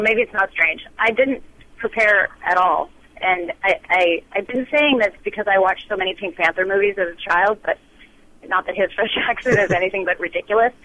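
A woman's voice: lowish voice, a bit bright, a little hiss or hum, poor audio. A woman actress being interviewed, talking in a bubbly, chatty way over a remote line.

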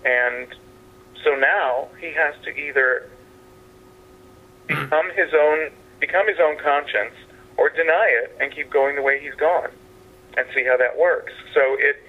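Man on a tinny phone line. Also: a little high. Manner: halting, meandering, with restarts. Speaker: playwright and actor guest. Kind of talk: phone-in radio interview. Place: at his father's house. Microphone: telephone.

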